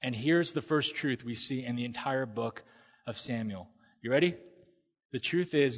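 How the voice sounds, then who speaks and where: Animated male preacher in a reverberant hall. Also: mid-range voice, moderate pace. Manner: conversational, animated, acts out voices of people in the story. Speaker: pastor. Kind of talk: sermon.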